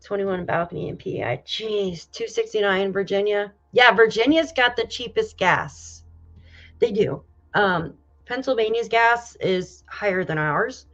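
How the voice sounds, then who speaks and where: A woman's voice: mid-range voice, a little slow, faint music behind. Chatty woman streamer, exclamatory. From New York State. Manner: chatty and exclaiming, swears casually. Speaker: livestream host reading viewer comments. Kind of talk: casual live chat. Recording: slightly dull lo-fi audio.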